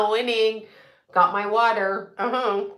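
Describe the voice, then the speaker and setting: A woman's voice: medium pitch, lively intonation, normal speed, pushed and bright, reverberant. A woman host ranting in a blunt, profane, sarcastic way, laughing often as she chats to her viewers. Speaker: psychic medium host. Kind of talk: casual live-stream rant.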